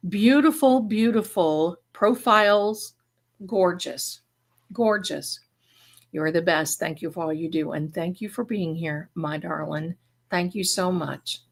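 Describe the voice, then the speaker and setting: A woman with a slightly low voice hosts a live stream and reads the chat aloud. She is gushing and affectionate, calling viewers her darlings. Her talk rambles and often breaks off mid-sentence. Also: a bit bright. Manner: effusive, showers viewers with endearments; rambling, self-interrupting. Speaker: livestream host and spiritual reader.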